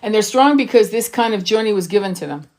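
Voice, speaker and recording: A woman's voice: medium pitch, animated, quick pace, a little mellow. A woman who reads tarot and twin flames, talking to camera in a blunt, profane and emphatic way and repeating herself for stress. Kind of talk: casual monologue to camera.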